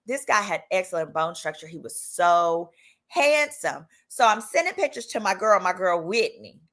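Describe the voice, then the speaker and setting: A woman in her thirties from Texas telling a personal story in a casual, animated way, acting out the people she quotes. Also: on the low side, moderate pace. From Texas, United States. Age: 30s. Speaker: lawyer and channel host.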